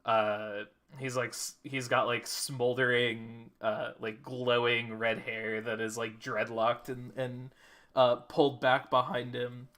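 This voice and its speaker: A man running a tabletop game as game master, narrating in a halting way with many fillers. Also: medium pitch, level tone, pushed and bright.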